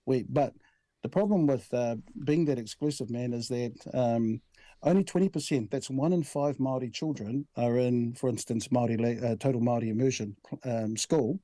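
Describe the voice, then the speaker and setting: A man in his sixties with a New Zealand accent, talking in an easygoing, storytelling way and often restarting his sentences. His voice is mellow and sits at a middle pitch. It sounds close and dry, with no room echo. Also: normal speed. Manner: easygoing storyteller, frequent restarts, says "bro" and "right?". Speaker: head of a national language commission. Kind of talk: relaxed conversational interview.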